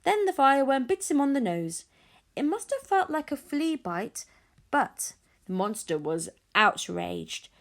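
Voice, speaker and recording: A woman reading a children's adventure book aloud, narrating with expressive, dramatic storytelling. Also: high-pitched, measured pace. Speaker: audiobook reader.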